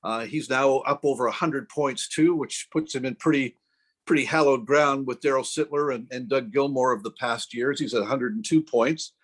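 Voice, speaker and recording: A middle-aged man co-hosting a podcast casually tells a self-deprecating story, acting out the voices of the people in it. His medium-pitched voice moves at normal speed and sounds slightly rough, with an anecdotal feel.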